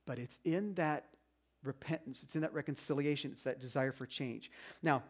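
A man's voice: mid-range voice, moderate pace. A man preaching a sermon as pastor, in a conversational way, acting out little voices and quotes.

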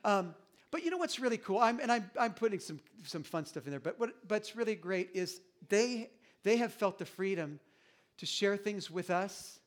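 A middle-aged male pastor preaching a sermon in a conversational, animated way, with many restarts. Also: high voice, moderate pace.

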